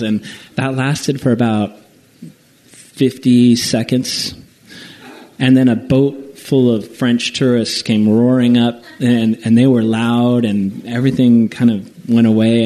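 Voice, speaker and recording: Man telling a travel story out loud, relaxed and rambling, warm dark tone. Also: mid-range voice, unhurried. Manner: casual, rambling with restarts and acted-out quotes. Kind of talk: personal travel story told aloud.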